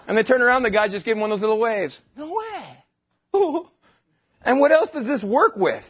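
A male pastor preaching a sermon, animated, slipping into quick voices to act out the people in his stories. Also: extremely high pitch, lo-fi sound, a little hiss or hum. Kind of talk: sermon with comic retelling.

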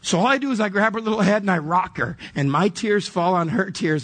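Male pastor, husky, a bit high, sermon storytelling, acts out dialogue. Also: fairly quick, a bit bright. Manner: vivid storyteller who acts out dialogue, then earnest preaching.

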